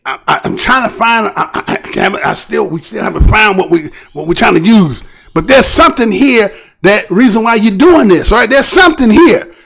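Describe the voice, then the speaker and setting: A man hosting a news commentary show, talking in an animated, preachy way and firing off rhetorical questions. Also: high-pitched, normal speed, gravelly, breathy edge. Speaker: show host.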